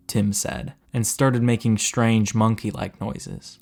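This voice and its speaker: A man narrating a story aloud in a steady, measured way, slowing down for suspense. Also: fairly low pitch.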